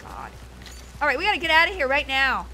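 A woman streaming a video game with live commentary, excitable and exclamatory with laughing asides. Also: high voice, brisk, a little hiss or hum.

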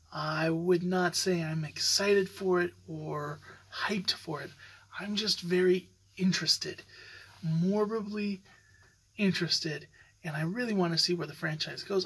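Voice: medium pitch, a bit bright, breathy edge, poor audio. A podcast host talking in a casual, opinionated way, rambling with many fillers and restarts. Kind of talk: casual solo podcast commentary.

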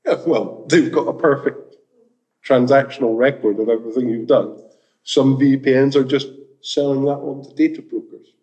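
A man's voice: mid-range voice, warm tone, highs cut off. A man giving an informal talk at a community education event, rambling with restarts and jokey asides.

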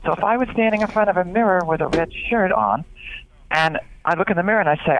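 A man interviewed as an author, telling animated stories and acting out what others said. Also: fairly high pitch, fast, no room sound. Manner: animated storytelling with acted-out quotes. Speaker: author and guest. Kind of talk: radio interview. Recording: dull dry lo-fi radio audio.

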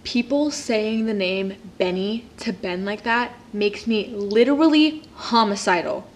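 A young woman talking straight to her viewers in a loose, giggly way, full of little laughs and asides that poke fun at herself. Her pitch sits right in the middle for a woman, and a faint hiss of background noise runs under her voice. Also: lively intonation, measured pace. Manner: giggly and chatty, self-mocking asides; drops to a hushed whisper at times. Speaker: vlogger. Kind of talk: casual vlog chat while playing a story game.

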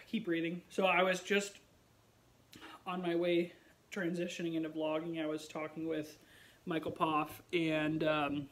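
A tired young man vlogging from home late at night, chatting expressively and sighing often. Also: a little high. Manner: chatty and expressive, with frequent sighs. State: tired, yawning. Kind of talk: casual late-night vlog chat.

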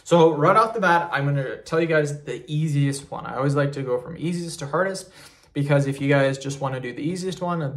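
A man hosting his own vlog, giving casual tips in a relaxed, rambling way and often calling viewers "you guys". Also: a little high. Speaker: fitness YouTuber. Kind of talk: casual talking-head tips video.

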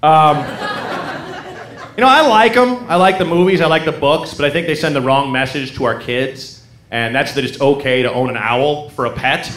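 A man from Oregon doing an animated, profane stand-up set on a club stage. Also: on the high side, normal speed. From Oregon, USA. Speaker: stand-up comedian. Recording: echoey club, loud crowd noise.

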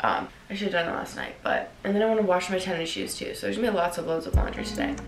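A woman's voice: on the low side, rapid-fire, music in the background. A woman in her twenties chatting casually to the camera in a vlog, rambling and laughing often. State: out of breath. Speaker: lifestyle vlogger.

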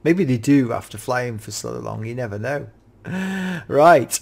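A British man giving casual, excitable gameplay commentary as a YouTube reviewer, often gasping and exclaiming in wonder. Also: medium pitch, measured pace, gravelly, husky. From United Kingdom.

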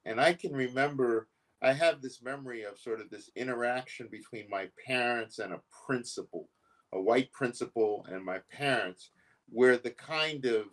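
A man's voice: mid-range voice, recorded from a distance, low-quality recording. A man in his sixties, from the United States, talking over memories with his sister, earnest and reflective, with many fillers. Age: 60s. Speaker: interviewee. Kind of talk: recorded conversation between siblings.

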